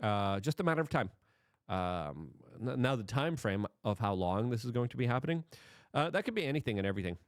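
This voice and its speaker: An animated man delivering commentary to camera, his pitch swinging widely as he presses rhetorical questions. The sound is dry and close, with no room around it. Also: fairly quick, no echo. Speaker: political commentary host.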